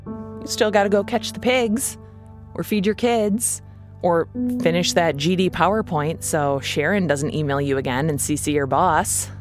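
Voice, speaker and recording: A woman's voice: lowish voice, unhurried. A woman podcast host giving blunt, wry scripted narration. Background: music.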